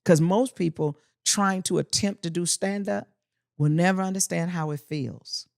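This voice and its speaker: A woman's voice: fairly low pitch, normal speed, gravelly, dry recording, studio quality. A woman comedian, a guest on a podcast, telling punchy, earthy stories in casual chat. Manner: animated, punchy storyteller with earthy humor.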